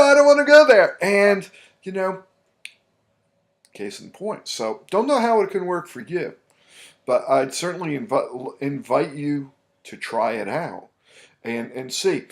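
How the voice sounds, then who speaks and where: A man, an anxiety coach, talking loosely to camera in a casual advice monologue, rambling with many fillers and restarts. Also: medium pitch. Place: New York City.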